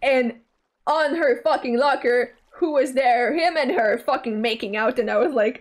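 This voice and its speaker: A young woman from Canada, a streamer telling a story in a casual, animated way, swearing and laughing often. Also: fairly high pitch, measured pace. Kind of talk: casual storytelling while gaming.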